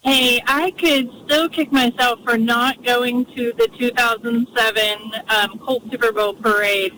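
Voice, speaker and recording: A woman in her forties calling into sports radio, chatting with frequent pauses and fillers. Her voice is bright and forward, and there is faint vehicle noise behind her. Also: on the high side, rough recording. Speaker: radio caller. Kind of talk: casual call-in chat.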